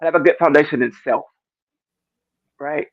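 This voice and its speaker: A man's voice: fairly high pitch, moderate pace, no echo, muffled recording. A man giving an emotional church testimony, stammering and repeating himself, close to tears. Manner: repetitive, stammering, keeps asking "you know what I'm saying". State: near tears. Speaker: speaker in a church discussion.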